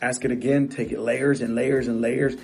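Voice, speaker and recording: A man's voice: medium pitch, little pitch movement, moderate pace, vocal fry, darkish tone, slightly rough. A middle-aged man coaching real estate agents in a motivational talk, emphatic and repetitive, often restarting phrases.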